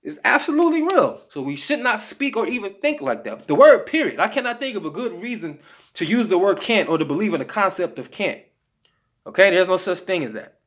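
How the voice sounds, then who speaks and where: Male health vlogger, slightly high voice, emphatic and slangy, talking straight to camera. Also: big pitch swings, fairly quick, fairly bright tone. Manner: emphatic, slangy, repeats "okay?" to check in. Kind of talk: casual motivational talk to camera.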